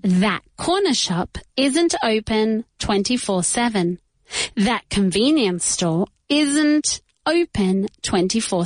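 A woman teaching a beginner English lesson to Spanish speakers, moving between the two languages and repeating model phrases slowly and carefully. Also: on the high side, no room sound. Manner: slow, exaggerated repetition of model phrases.

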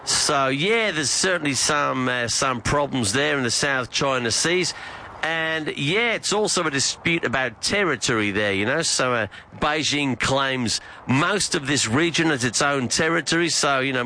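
A man's voice: mid-range voice, expressive, moderate pace, sharp tone, a little hiss or hum. A man doing a chatty reporter. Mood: laid-back. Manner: casual, rambling, full of fillers and "mate". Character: Australian field reporter, adult man, laid-back and chatty.

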